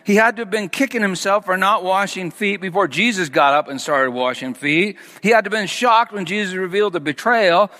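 Bright-voiced man preaching in a reverberant hall. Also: high voice. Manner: reads scripture slowly, then preaches with rising animation. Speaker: pastor. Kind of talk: sermon.

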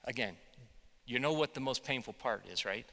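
A man, a pastor, preaching a sermon with animated storytelling. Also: medium pitch, moderate pace, big-room sound. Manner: animated storytelling, voicing quotes loudly.

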